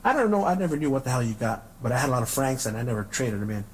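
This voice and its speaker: A man's voice: medium pitch, rapid-fire, darkish tone, a little hiss or hum, low-quality recording. A man from Southern California hosting a podcast, telling stories casually and profanely, with frequent restarts. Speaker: podcast host. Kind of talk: casual storytelling.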